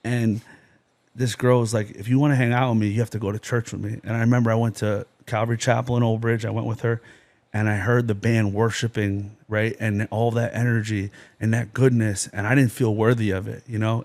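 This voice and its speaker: A man's voice: fairly low pitch, a little mellow. A man from New Jersey, a podcast guest, telling his life story in an intense, rambling way, full of "you know" and "like". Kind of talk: personal testimony in a podcast interview.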